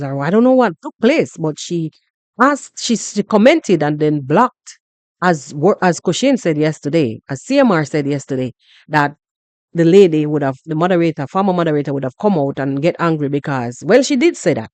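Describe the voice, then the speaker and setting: A Jamaican woman hosting a podcast, talking through a story in an animated, repetitive way and often asking "you understand?". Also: low-pitched, normal speed, no echo. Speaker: podcast host. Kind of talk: casual commentary monologue.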